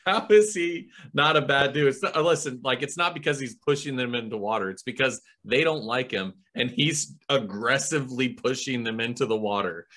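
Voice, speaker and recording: Bright-voiced man on a podcast. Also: mid-range voice, normal speed, few pauses. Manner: laughing, self-deprecating, acts out characters. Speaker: podcast co-host. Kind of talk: casual movie review chat.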